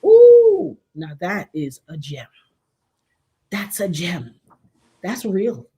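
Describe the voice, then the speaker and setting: A woman's voice: on the low side, lively intonation, slow pace. Emphatic folksy woman giving advice. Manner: emphatic, preachy, folksy, drops to a hush for effect. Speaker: livestream talk show host. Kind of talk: casual advice chat to a live chat.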